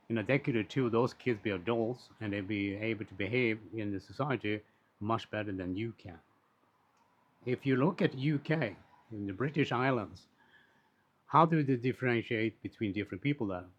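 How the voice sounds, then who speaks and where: A man talking in a casual, rambling monologue, blunt and quick to swear, with frequent restarts and asides. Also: fairly low pitch. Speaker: commentator on social issues. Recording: dull lo-fi recording.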